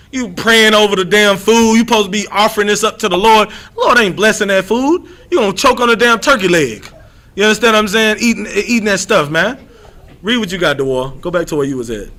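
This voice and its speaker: A man's voice: high-pitched, brisk, sharp tone. A man leading an informal Bible lesson, emphatic and repetitive, calling on readers by title. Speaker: scripture teacher.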